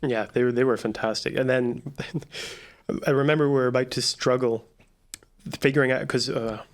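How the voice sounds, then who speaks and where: A man with an average-pitched voice is a guest on a podcast. He rambles through his account of how shots were made, often restarting sentences and laughing in between. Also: steady tone, moderate pace. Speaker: filmmaker guest. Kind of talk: casual chat.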